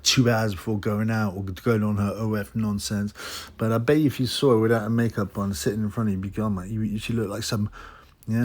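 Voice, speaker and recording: A man runs a boxing channel and delivers a rambling, mocking rant riddled with fillers and false starts. Whenever he quotes someone, he switches into a mocking high-pitched voice for this casual monologue.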